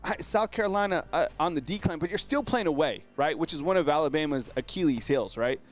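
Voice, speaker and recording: Animated man with a lively pitch. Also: a little fast, soft background music. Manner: animated, exclaims and addresses viewers as fam; slangy, filler-heavy delivery. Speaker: sports show host. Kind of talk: casual live-stream commentary.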